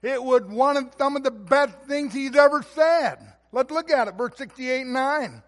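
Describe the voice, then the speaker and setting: A man's voice: very high-pitched, normal speed, few pauses, in a large hall. A man preaching a sermon as a pastor, emphatic and building in force on key words.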